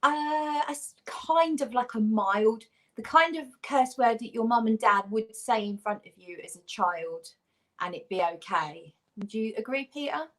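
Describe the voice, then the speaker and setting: A woman's voice: on the high side, measured pace, fairly bright tone. A woman from Britain, a guest on a livestream, chatting casually and enthusiastically about fragrances. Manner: chatty, gushing about scents. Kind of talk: casual chat.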